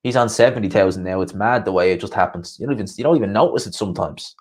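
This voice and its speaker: A man's voice: fairly low pitch, very fast, slightly rough. A man chatting casually on his boxing livestream, rambling through viewer comments and laughing often.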